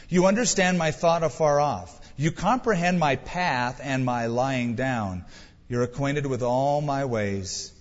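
A middle-aged pastor preaches a sermon at a slightly slow pace in a medium-pitched voice, speaking conversationally with wry humor. The recording sounds dull, with a long hall reverb.

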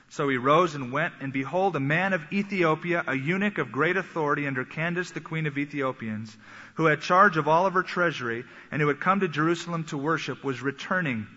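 A man preaching a sermon, animated and acting out the voices he quotes. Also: on the high side. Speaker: pastor. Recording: echoey hall, dull sound.

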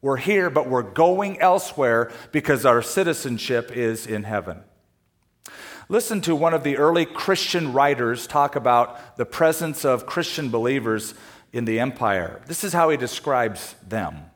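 A man's voice: medium pitch, measured pace. A middle-aged man from California preaching a sermon, telling a travel story with laughter before turning to scripture. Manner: animated storyteller, laughing through anecdotes.

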